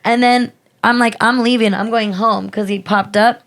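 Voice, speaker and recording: Animated young woman telling a wild story. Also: a little high, normal speed. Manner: animated, swearing, acts out quotes. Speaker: podcast co-host. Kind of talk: casual storytelling chat.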